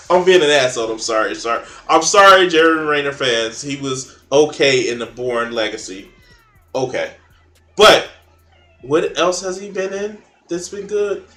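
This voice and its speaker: A man's voice: fairly high pitch, moderate pace, pushed and bright, roomy sound, soft background music. A man in casual chat, blunt and opinionated, swearing freely while arguing about comics.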